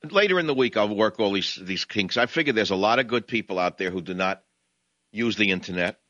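A man's voice: fairly low pitch, expressive, brisk, bright, forceful tone, no room sound, dull audio. A man from New York with a New York accent, hosting a talk radio show in an impassioned, combative way. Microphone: studio microphone, dry.

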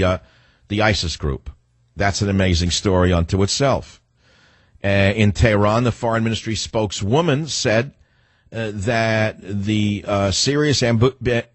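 An opinionated man hosts a political talk radio show in a blunt, rambling way. His voice sits low and sounds a little husky. The studio sound is close and dry. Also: no room sound. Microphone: studio microphone.

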